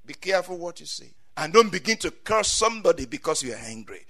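A man preaching a sermon, swinging from quiet asides to loud cries and saying amen often. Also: fairly high pitch, big pitch swings, fast talker.

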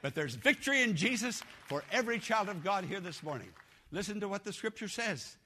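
Fervent high-pitched male preacher. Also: animated, brisk, sharp tone, slight background noise. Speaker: pastor. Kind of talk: sermon.

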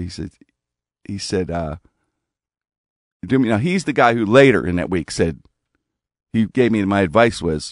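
Man, low gravelly voice, dry close sound, rambling casual storytelling. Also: moderate pace, pauses often, dry recording. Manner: rambling, animated anecdote with restarts. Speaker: comedian telling a story.

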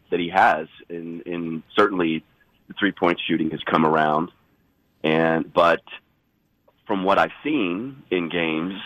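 A man's voice: sits low, a bit bright, no room sound, dull audio. A man fighting a cold, talking basketball as an insider guest on sports radio, rambling and correcting himself as he goes. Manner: rambling, self-correcting, emphatic. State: fighting a cold, husky sick voice. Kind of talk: sports radio analysis by phone.

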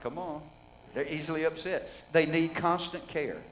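Folksy high-voiced male preacher. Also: normal speed, a little hiss or hum, rough recording. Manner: folksy, conversational, with rhetorical questions to the congregation. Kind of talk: sermon.

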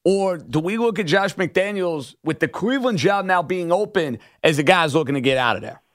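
A man with a thick New York accent hosting a sports radio show, energetic and emotional. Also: high-pitched, normal speed, no echo, studio quality. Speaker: radio host.

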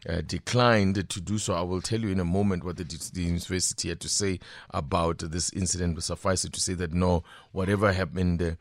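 A man's voice: low voice, steady tone, fairly quick, no room sound. A man with a South African accent hosting a breakfast radio interview, asking probing, conversational questions. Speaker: radio host.

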